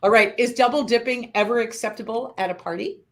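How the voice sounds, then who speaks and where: A woman hosting a casual interview, asking quick-fire questions and laughing often. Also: a little high, fairly bright tone. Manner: laughs often, upbeat and chatty. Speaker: host.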